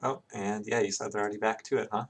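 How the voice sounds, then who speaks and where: A man's voice: fairly low pitch, steady tone, fast talker. A man doing live play-by-play commentary on an online game, chatting casually between plays. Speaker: esports commentator.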